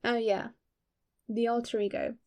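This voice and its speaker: A woman's voice: a little high, level tone, measured pace, warm tone. A young woman giving casual fan commentary, gushing and emphatic, swearing freely. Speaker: video creator.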